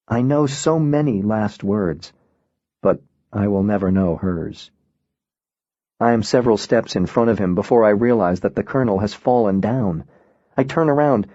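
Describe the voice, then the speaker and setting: A man narrating an audiobook in a subdued, measured way. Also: medium pitch, dark tone, no echo, dull audio.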